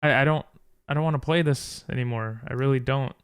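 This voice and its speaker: A man's voice: medium pitch, fairly quick, clear, resonant tone. A tired, frustrated man commentating his own chess game, thinking aloud and talking to viewers. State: tired from little sleep. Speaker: chess streamer.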